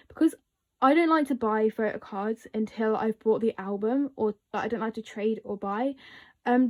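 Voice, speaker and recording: A young woman vlogger chatting casually as she shows her collection, often laughing and filling pauses with um and like. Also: fairly high pitch, a little mellow.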